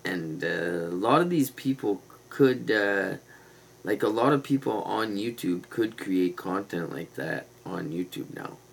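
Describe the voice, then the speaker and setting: Gravelly low-voiced man rambling on a livestream. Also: animated, unhurried, slight background noise, rough recording. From Canada. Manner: meandering, conspiratorial, casual slang. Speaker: livestream host.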